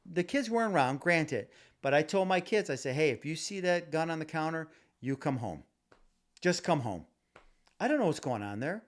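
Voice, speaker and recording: A man's voice: on the high side, animated, moderate pace. A man hosting his own podcast, ranting solo with passion, repeating himself and stumbling over restarts and fillers. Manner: impassioned, repetitive, many fillers and restarts. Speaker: podcast host. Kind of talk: casual solo podcast rant. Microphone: home podcast mic.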